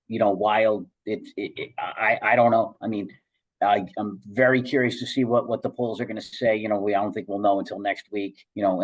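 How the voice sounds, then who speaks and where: A man hosting a radio talk show, speaking casually with halting restarts. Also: lowish voice, low-quality recording. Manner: halting, many fillers and restarts.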